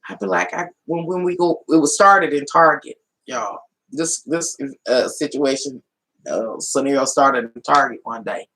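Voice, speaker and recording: A tarot reader on a live stream tells a folksy, casual story full of quoted dialogue, laughing often and calling her viewers y'all. Her mid-range voice moves at normal speed and sounds a bit bright, though the recording quality is low.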